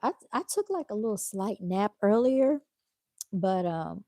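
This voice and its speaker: A woman's voice: mid-range voice, expressive, measured pace, dark tone, dry recording, studio quality. A tired woman, chatting casually to viewers on her livestream and reading their comments aloud. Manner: laid-back, addresses viewers as y'all. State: tired, yawning. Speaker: livestream host.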